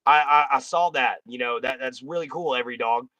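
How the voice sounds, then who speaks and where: A man's voice: medium pitch, brisk, pushed and bright, no room sound. A man hosting a casual live stream, talking bluntly and folksily straight to his chat.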